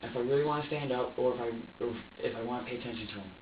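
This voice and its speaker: A distressed man being questioned in an interrogation room, talking in halting, repetitive bursts and swearing often. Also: mid-range voice, a little hiss or hum. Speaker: interrogation suspect. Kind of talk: emotional confession under questioning. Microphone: security camera from a distance. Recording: dull roomy distant security-camera audio.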